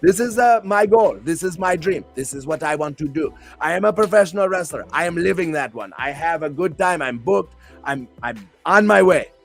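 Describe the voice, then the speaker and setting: A man's voice: fairly high pitch, expressive, moderate pace, gravelly, faint music behind. A male host and pro wrestler chatting on a live stream show in a hyped, rambling, playful way.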